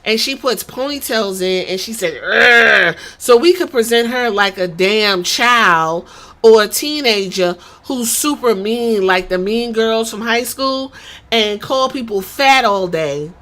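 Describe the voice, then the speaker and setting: A woman's voice: a little high, measured pace, a bit bright. A woman hosting a podcast, giving blunt, profane and sarcastic opinionated commentary. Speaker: podcast host.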